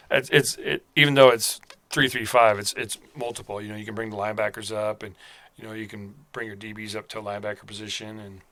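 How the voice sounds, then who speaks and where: A man co-hosts a laid-back sports podcast, rambling through his points with plenty of fillers. His voice is bright and clear, with a dry, close sound and no room echo. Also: lowish voice. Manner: rambling, many fillers, excited bursts at game updates. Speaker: podcast co-host. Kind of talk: casual sports chat.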